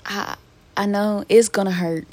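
A young woman talks straight to her listeners in a raw, profane solo podcast vent. Her voice sits at an ordinary middle pitch for a woman, and her talk is loose and conversational. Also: steady tone, measured pace, darkish tone. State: emotionally hurt, near tears. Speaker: podcast host. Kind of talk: casual solo podcast venting.

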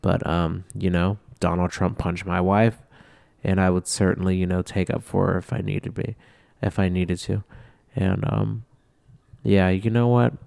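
A man's voice: low-pitched, little pitch movement, a little slow, vocal fry, a little mellow, clean tone, no echo, studio quality. A drunk man telling a rambling, profane story to his camera, mocking himself as he goes. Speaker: vlogger.

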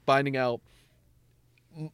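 A man's voice: medium pitch, steady tone, takes it slowly, a bit bright, clear, resonant tone, dry recording, studio quality. A young man co-hosting a casual podcast with his brother, rambling through stories with lots of fillers. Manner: rambling, filler-heavy storytelling. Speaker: podcast co-host. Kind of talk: casual chat between brothers.

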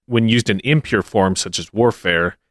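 A man with a fairly low voice co-hosts a podcast, trading deadpan quips in casual chat. His delivery stays dry and understated. The mic is close and dry. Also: normal speed, no echo. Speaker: podcast co-host. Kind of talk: casual chat with scripted intro.

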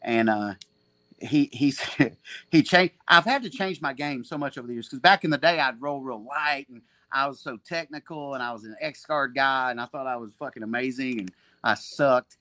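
A man in his forties speaks at a middle pitch, telling loose, profane stories with many false starts. His tone is casual and chatty. The recording is dry and close. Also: moderate pace, pushed and bright, no echo. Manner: rambling, profane, frequent restarts and laughter. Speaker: podcast guest, jiu-jitsu black belt and gym owner. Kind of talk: casual storytelling chat.

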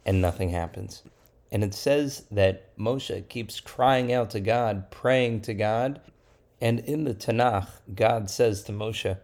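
A man, a rabbi, retelling a Bible story for children in a lively, playful way. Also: lowish voice, slow pace. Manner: lively storyteller, plays characters in quotes.

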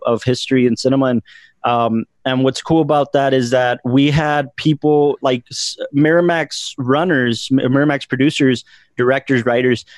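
A man's voice: mid-range voice, no echo. Guy rambling about old movies on a podcast, lots of ums, dry close sound. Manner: rambling, lots of fillers and restarts. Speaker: podcast host. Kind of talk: casual film discussion.

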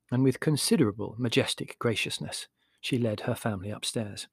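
A man reads a humorous memoir aloud at a measured pace, with a mid-pitched voice. The delivery is wry and even. The recording is close and completely dry. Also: slightly rough, no echo. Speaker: audiobook narrator. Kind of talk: scripted narration.

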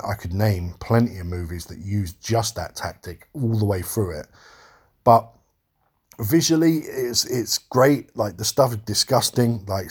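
A man's voice: on the low side, darkish tone, slightly rough. A man giving a casual, rambling film review, talking frankly and swearing freely.

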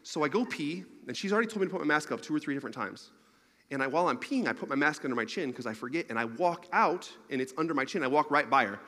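Long reverb from a large hall fills this clip of a man telling a rambling, humorous story from his own life during a sermon. His voice is on the high side and fast, animated, and he keeps laughing through it.

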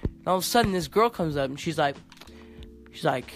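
Casual male host, slightly high voice, rambling giggly storyteller. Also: expressive, brisk, long pauses. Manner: rambling, giggly, lots of fillers.

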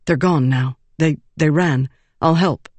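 A narrator voicing a shaken young woman who speaks in a hushed, soothing way to someone hurt. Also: medium pitch, unhurried, no room sound, natural voice. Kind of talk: audiobook character voice.

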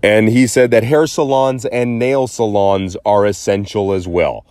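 A deep-voiced man rants sarcastically in a loose, rambling way, hosting his own show. He often slips into mocking voices to quote others. The sound is dry and close, with no room echo. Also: fairly even intonation, unhurried, a little mellow. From Los Angeles area. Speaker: podcast host. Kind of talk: casual solo commentary.

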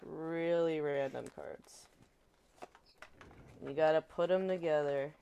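A woman's voice: low-pitched, steady tone, slow pace, creaky, warm tone, highs cut off, slight background noise. A woman co-hosting a podcast, chatting casually and improvising playfully while giggling and rambling. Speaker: podcast co-host. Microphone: close studio mic.

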